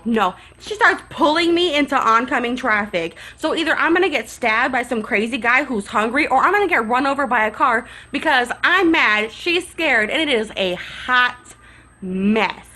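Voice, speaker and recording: A young woman telling a storytime vlog in a sassy, animated way, acting out the people in her story. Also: fairly high pitch, normal speed. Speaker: vlogger.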